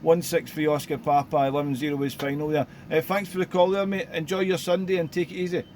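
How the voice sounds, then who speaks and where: A man's voice: fairly high pitch, quick pace. Chatty man on the radio. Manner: relaxed, rambling, full of radio jargon. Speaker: CB radio operator. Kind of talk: casual radio chat. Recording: faint background noise.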